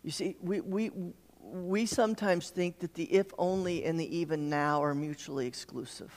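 A man's voice: a little high, moderate pace, darkish tone, long reverb tail. A man preaching a sermon as pastor, repeating words and restarting as he builds emphasis.

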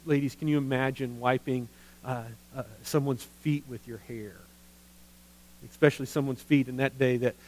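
A man preaching a sermon in an earnest, halting way, often repeating words as he goes. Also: mid-range voice, poor audio. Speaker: pastor of a ministry.

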